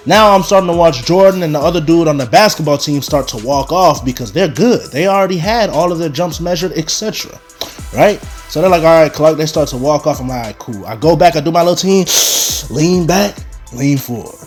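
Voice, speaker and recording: A man's voice: on the high side, a little fast, faint music behind. A young man telling a personal story on his channel and talking straight to his viewers. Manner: animated storyteller, talks straight to the audience. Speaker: vlogger. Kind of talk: casual storytime.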